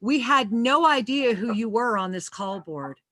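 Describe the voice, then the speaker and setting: A woman's voice: fairly high pitch, expressive, measured pace, fairly bright tone, no echo. A woman hosting a spiritual call-in radio show, talking in an effusive, loving way and giving blessings.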